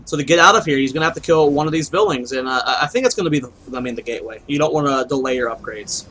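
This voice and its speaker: Bright-voiced man casting a strategy game. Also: medium pitch, rapid-fire, slight background noise, rough recording. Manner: chatty, explains builds, thinks aloud and asks himself questions. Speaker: esports caster. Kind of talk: solo play-by-play commentary.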